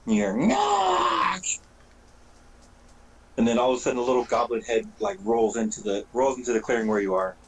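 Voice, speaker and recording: Halting, casual man running a tabletop game. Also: medium pitch, fairly even intonation, darkish tone, poor audio. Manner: casual, halting, many fillers and restarts. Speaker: game master.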